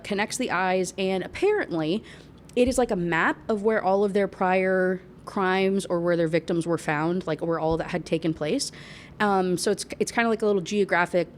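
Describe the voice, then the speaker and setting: A woman's voice: fairly low pitch, a little mellow, slight background noise. A woman casually reviewing a book at home, chatty and rambling, with plenty of fillers and laughs.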